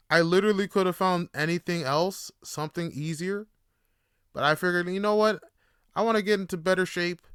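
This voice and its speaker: A man's voice: mid-range voice, clean tone, dry recording, studio quality. Profane young man telling stories. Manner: profane, laughing, animated storytelling. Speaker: podcast host. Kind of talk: casual solo podcast storytelling.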